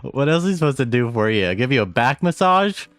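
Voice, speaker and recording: A man's voice: medium pitch, big pitch swings, brisk, fairly bright tone, no room sound. A man voicing an exasperated father who answers with sarcasm. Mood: sarcastic. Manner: sarcastic, incredulous. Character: exasperated father defending his son.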